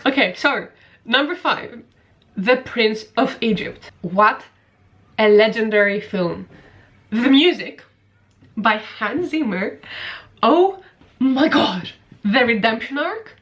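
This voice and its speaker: A woman's voice: a little high, expressive, slow, long pauses. Emotional young woman gushing about films. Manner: gushing, emotional, tearful at times. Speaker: video essay creator. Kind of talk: emotional personal vlog.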